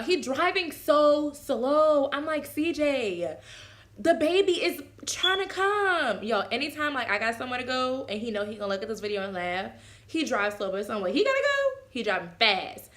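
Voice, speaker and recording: A young woman vlogger telling a casual, animated story and acting out the quotes. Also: mid-range voice. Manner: animated, acts out quotes with voice swings.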